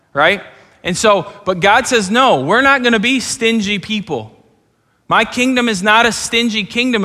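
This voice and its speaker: A pastor giving an earnest, animated sermon, often repeating words as he goes. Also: sits high. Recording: long hall reverb.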